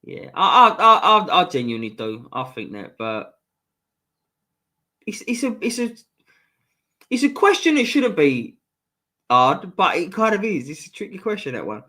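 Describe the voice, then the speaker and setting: A man's voice: high-pitched, sing-song, moderate pace, long pauses, sharp tone. A man from East London with a Cockney accent, rambling casually on a fan livestream and reading out the chat. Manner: rambling, chatty, frequent restarts, swears casually. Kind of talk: casual live stream chat.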